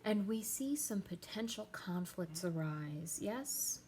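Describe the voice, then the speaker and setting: A woman teacher explaining a play to her class, reading the quoted lines aloud with lively emphasis. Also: mid-range voice, slow, a little hiss or hum, low-quality recording.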